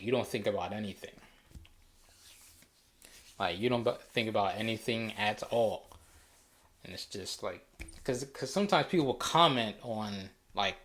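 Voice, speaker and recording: A man's voice: fairly low pitch, a little hiss or hum. A man hosting a casual solo talk show, rambling easily with frequent restarts and fillers. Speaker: podcast host.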